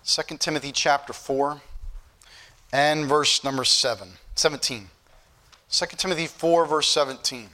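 A man's voice: on the high side, moderate pace, sharp tone. A man preaching a sermon as pastor, folksy and joking at times, then building to emphatic points. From northern United States.

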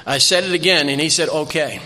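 A man's voice: on the high side, fairly quick, pushed and bright. An older man preaching a sermon in a church, telling folksy stories and repeating phrases for emphasis. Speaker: visiting preacher.

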